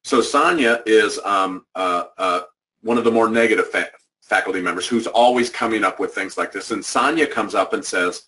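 A man's voice: on the low side, normal speed, sharp tone. A man giving a motivational training talk to educators, emphatic and conversational, repeating his key points. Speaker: workshop presenter. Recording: distant microphone.

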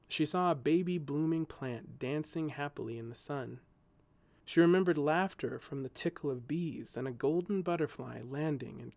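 A male narrator reads a storybook aloud in a gentle, measured way. His voice sits at an ordinary middle pitch, and the recording is close and very dry, like a home studio. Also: no echo.

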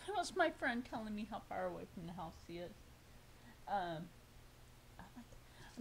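A woman's voice: mid-range voice, slight background noise, rough recording. A woman vlogging a casual unboxing of fabric for her sewing channel, gushing and squealing over each piece.

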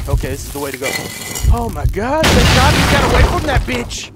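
Panicky shouting horror gamer man. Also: very high voice, very animated, a little fast. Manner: panicky, shouting and swearing at monsters. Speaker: let's play gamer. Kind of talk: horror game commentary. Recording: loud game music behind. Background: game music.

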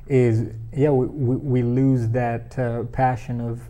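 A man, a guest on a faith talk show, explaining his ideas in a reflective, measured way. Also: medium pitch, level tone, dark tone. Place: community TV studio.

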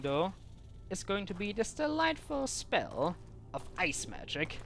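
A woman's voice: mid-range voice, very animated, takes it slowly, background noise. A woman giving let's play commentary in theatrical, mock-formal phrasing, breaking into frustrated outbursts. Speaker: gaming commentator.

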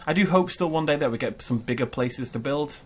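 A man giving chatty, excitable gameplay commentary and thinking aloud as he plays. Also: medium pitch, a little fast. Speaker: gaming YouTuber.

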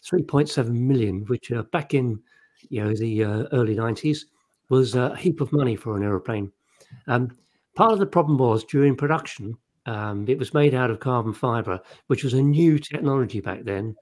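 A man chatting on a livestream video call, relaxed and hesitant, with many ums and uhs. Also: mid-range voice. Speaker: panel guest. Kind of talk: casual chat.

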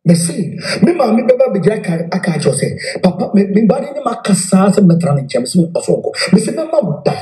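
Animated Ghanaian man, echoey room. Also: high-pitched, fast talker, hardly any pauses. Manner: animated, repeats phrases, mixes in English. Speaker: self-styled spiritual leader. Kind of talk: heated live address.

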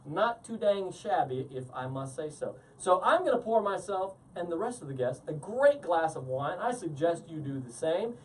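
A man hosting a live talk show, energetic and jokey, laughing often. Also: on the high side, moderate pace, few pauses, recorded from a distance, a little hiss or hum. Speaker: host.

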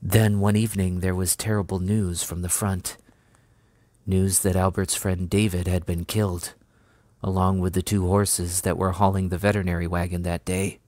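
A man reading a novel aloud as scripted narration, with measured, unhurried storytelling. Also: sits low, little pitch movement, a little mellow, dry recording. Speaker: audiobook reader.

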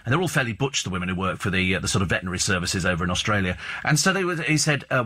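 A man hosts a talk radio show from a studio microphone, his husky voice swinging up and down in lively arcs. His tone is bright and edgy as he rambles through opinionated, sardonic gossip. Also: low voice, racing, hardly any pauses. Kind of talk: casual chat and celebrity gossip commentary.

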